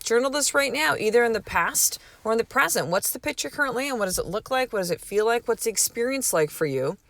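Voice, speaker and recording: A woman's voice: a little high, animated, quick pace, fairly bright tone, poor audio. Blunt, profane woman podcast host. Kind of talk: solo motivational podcast monologue.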